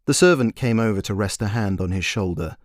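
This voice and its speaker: A man's voice: lowish voice, brisk, no room sound, clean studio sound. A man narrating a fairy tale he wrote, in a wry, playful storytelling manner. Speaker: storyteller and author.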